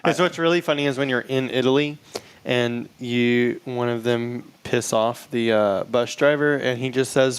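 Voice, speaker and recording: A man's voice: mid-range voice, steady tone, moderate pace, hardly any pauses, clear, resonant tone. A man on a talk show, chiming in with amused quips and short asides. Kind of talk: casual chat.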